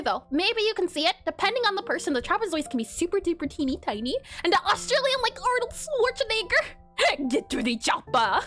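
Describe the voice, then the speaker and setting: A woman's voice: very high voice, pushed and bright. A woman streaming herself drawing pixel art, chatting casually with viewers and giggling often between fillers. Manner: giggly, bubbly, many fillers. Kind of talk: casual live-stream chat while drawing.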